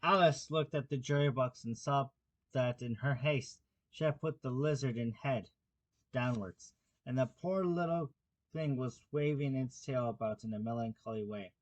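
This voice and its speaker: A man reads a children's classic aloud as an amateur audiobook narrator. His delivery is plain and unhurried, with the odd slip and restart along the way. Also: mid-range voice. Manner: plain, unhurried reading with small slips and restarts. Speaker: audiobook reader.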